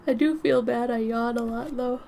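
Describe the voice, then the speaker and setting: A woman with a raspy, smoky voice chatting casually while she paints on a live stream, her nose a little stuffy. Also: on the high side, fairly even intonation, moderate pace, slight background noise. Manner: chatty, drifts between topics, soft murmured asides.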